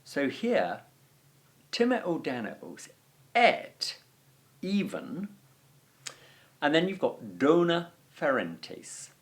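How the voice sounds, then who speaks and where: Male language teacher, video lesson, lively sing-song delivery, chatty asides. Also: fairly high pitch, slow pace. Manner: animated explaining, chatty fillers. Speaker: Latin teacher.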